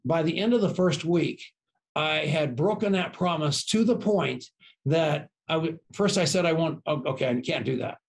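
An older man telling lively stories as a podcast guest, acting out the voices of the people in them. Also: fairly high pitch, moderate pace, vocal fry. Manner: lively anecdotes, acts out quoted voices. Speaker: podcast guest, business co-founder. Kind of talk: animated storytelling.

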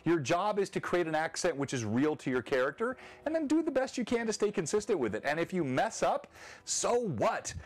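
A man hosting a casual online panel about roleplaying games, animated and quick to laugh, often restarting his sentences. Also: high voice. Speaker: show host.

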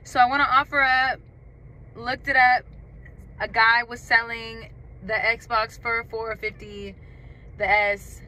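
A woman's voice: on the high side, little pitch movement, takes it slowly, long pauses, sharp tone. A young woman vlogging casually to her viewers, blunt and slangy, swearing heavily as she vents. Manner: blunt, heavy swearing, venting; loose slangy chat to viewers. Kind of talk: casual unboxing vlog to camera.

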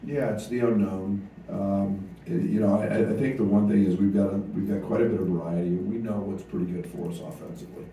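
This head basketball coach addresses a press conference in a steady, low, very dark-toned voice, often pausing with fillers and restarting his sentences. The room is highly echoey, there's a faint hiss, and he sounds distant from the mic.

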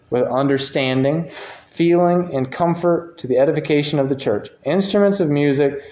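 In a church meeting room with roomy echo, a man teaches a Bible class conversationally, reading quotations aloud and commenting on them. His voice is mid-range with a darkish tone.

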